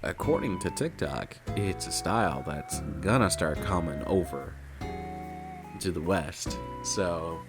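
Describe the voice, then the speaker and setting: A man's voice: deep voice, expressive, slow. A man streaming and chatting casually, rambling and profane, laughing often. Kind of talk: casual chat while gaming. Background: music.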